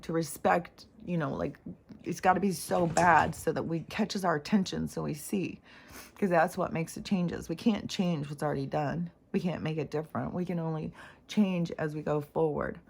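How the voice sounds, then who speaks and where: A woman with a notably deep, low voice talks to camera in a loose spiritual vlog. She meanders and reflects on herself, leaning on fillers. Her nose is runny. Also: fairly even intonation, moderate pace, vocal fry, a little mellow, husky. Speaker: spiritual vlogger. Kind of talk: casual rambling monologue.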